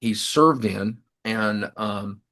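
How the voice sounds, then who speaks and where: A middle-aged man, an author and professor, telling stories in an interview with many restarts and pauses. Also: fairly low pitch, a bit bright. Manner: rambling, halting anecdotes with many restarts. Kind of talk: storytelling in a casual interview.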